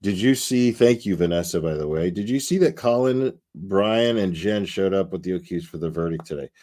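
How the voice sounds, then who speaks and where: Male stream host, lowish voice, loose, swears a lot, reads chat. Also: normal speed, dark tone. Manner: chatty, profane, thanks donors by name. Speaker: livestream host. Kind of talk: casual livestream commentary.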